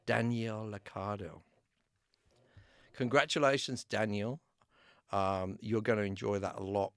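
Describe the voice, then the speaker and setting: A man's voice: lowish voice, moderate pace, a bit bright, no echo. An Australian man hosting a live giveaway stream, chatting casually, laughing often and reading out names from the chat. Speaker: YouTube host running a live giveaway.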